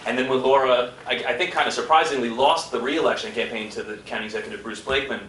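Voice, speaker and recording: A man's voice: mid-range voice, steady tone, fast talker, fairly bright tone, slight background noise. A man accepting a radio award in a cheerful, laughing way. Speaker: radio station representative. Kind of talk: acceptance speech. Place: banquet hall. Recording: echoey hall, distant mic.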